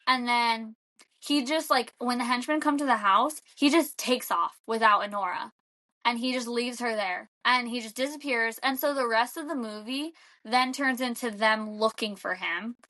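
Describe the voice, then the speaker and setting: A woman's voice: a little high, normal speed, pushed and bright. A young woman co-hosting a podcast, retelling a film in a loose, rambling way full of "like". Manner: rambling, fillers of "like" throughout. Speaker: podcast co-host. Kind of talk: casual chat.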